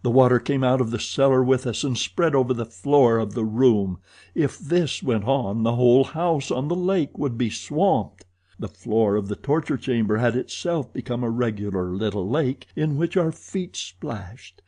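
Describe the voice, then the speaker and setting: A male audiobook narrator with a husky, mellow voice who tells the story slowly and with dramatic intensity. It is a scripted audiobook reading. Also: mid-range voice.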